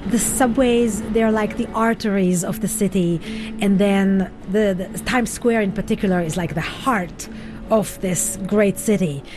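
A woman telling her own story in a radio interview, reflective and expressive, acting out the voices she quotes. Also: medium pitch, a little slow, music in the background. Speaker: interview guest, musician.

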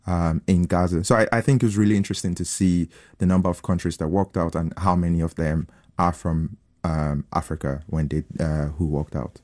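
A man's voice: deep voice, a little mellow. A man speaking as a commentator on a radio news panel, thoughtful and using fillers as he talks.

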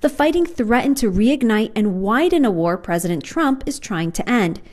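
A woman news correspondent filing a report in a steady, factual way. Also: a little high, normal speed.

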